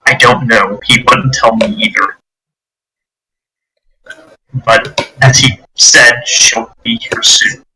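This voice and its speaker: A man voicing an anxious town governor who speaks in a hurried, hushed and pleading way. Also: medium pitch, fairly even intonation, a little hiss or hum, low-quality recording. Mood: grave.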